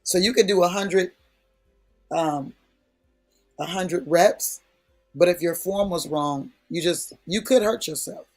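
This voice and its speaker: Man, prayer-session preacher, husky and a touch high, folksy and emphatic. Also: slow pace, pauses often, soft background music. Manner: folksy, emphatic, repeats key phrases. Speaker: prayer speaker.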